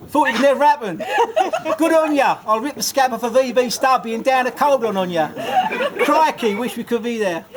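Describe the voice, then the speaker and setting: A man voicing a jokey, slang-heavy Australian bloke at a wedding reception, with a put-on Australian accent. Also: very high voice. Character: cheery Australian bloke reading a message. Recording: loud background noise at a reception.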